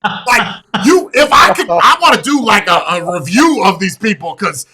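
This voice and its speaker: A man hosting a podcast, telling a blunt, profane and animated story in a casual rant. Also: sits high, moderate pace, breathy edge. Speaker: podcast host.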